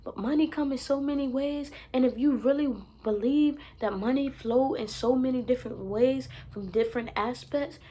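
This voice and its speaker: A woman's voice: high voice, normal speed, few pauses, dark tone. A young woman vlogging in a casual monologue, blunt and profane, swearing freely and repeating her points for emphasis. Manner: emphatic, repeats herself for effect. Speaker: self-help vlogger.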